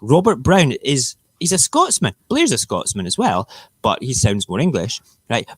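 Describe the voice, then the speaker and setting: A man's voice: mid-range voice, sing-song, moderate pace, fairly bright tone, slightly rough, no echo. A Scottish man hosting a live morning talk stream, ranting bluntly and swearing freely. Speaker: live show host.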